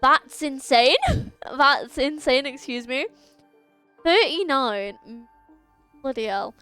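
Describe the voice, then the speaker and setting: Young female game streamer, bright high register, casual and self-mocking, soft music underneath. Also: slow. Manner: chatty, stumbles over long words, laughs at herself. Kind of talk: casual chat while reading game dialogue aloud. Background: faint game music.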